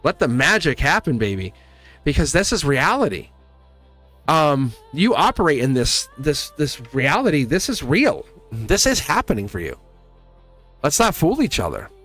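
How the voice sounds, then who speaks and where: A man reading tarot live for his viewers, his pitch moving all over the place as he talks. He keeps it loose and chatty and laughs a lot. Soft music plays faintly behind him. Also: sing-song, moderate pace. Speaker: tarot reader.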